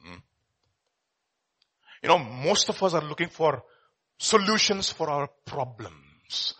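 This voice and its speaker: A man's voice: fairly high pitch, big pitch swings, takes it slowly, sharp tone, slightly rough. A man preaching a sermon. He speaks emphatically and keeps asking the congregation questions. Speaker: pastor.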